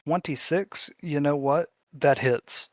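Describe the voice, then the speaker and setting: A man's voice: a little high, takes it slowly, a bit bright, no room sound, studio quality. Swearing casual game master, man. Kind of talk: narrating a tabletop game.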